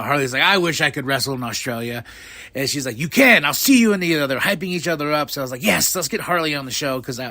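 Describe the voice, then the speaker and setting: A man hosting a podcast, recapping a wrestling show in a rambling, excitable way, laughing often and swearing casually. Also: medium pitch, no room sound. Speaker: podcast host.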